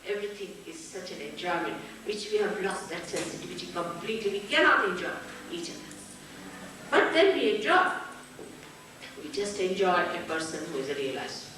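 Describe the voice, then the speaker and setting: A woman's voice: on the low side, expressive, fairly quick, fairly bright tone, a little hiss or hum. Indian woman speaking in an echoey hall. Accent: Indian English. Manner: storytelling with anecdotes and acted-out quotes. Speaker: spiritual teacher. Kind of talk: spiritual talk to an audience. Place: town hall. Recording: echoey hall, recorded from a distance.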